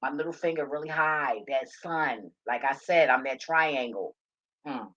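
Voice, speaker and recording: A woman's voice: rumbling low, measured pace, fairly bright tone. A woman giving a passionate, emotional and rambling casual monologue to her viewers. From Philadelphia. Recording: dull lo-fi recording.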